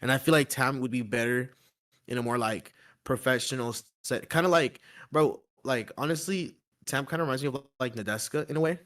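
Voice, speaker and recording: A man's voice: mid-range voice, a little fast, a bit bright. A man hosting a casual livestream podcast, chatty and rambling, with many likes and restarts. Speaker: podcast host.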